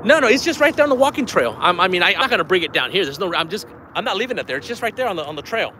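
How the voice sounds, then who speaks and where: A breathless man streams live from a riverbank, talking high and lively and laughing often. His voice sounds bright and ringing, with a faint hiss of outdoor noise behind it. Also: very fast. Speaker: fishing vlogger.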